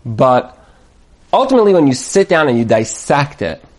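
A man teaching a Torah class, telling stories and acting out the people in them. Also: moderate pace. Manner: animated storyteller, jumps high to act out quoted voices. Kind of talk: lively Torah class with acted-out scenarios.

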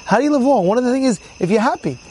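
Man, rabbi, high-pitched, informal Torah class, animated storytelling, repeats words. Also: very fast, breathy edge, low-quality recording.

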